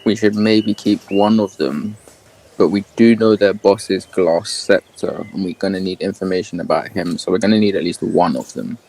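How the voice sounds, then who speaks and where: A man chatting as a player in a tabletop game, quick with a joke and casual in his banter. His voice sits on the low side. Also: a little mellow, a little hiss or hum, rough recording.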